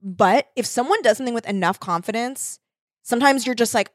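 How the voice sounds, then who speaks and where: A woman co-hosting a podcast, telling rambling personal stories with many restarts and sudden shouted punchlines. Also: fairly high pitch, brisk, no room sound, clean studio sound. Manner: rambling, self-interrupting, bursts into shouting when telling stories. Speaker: podcast co-host. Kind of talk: casual chat, storytelling.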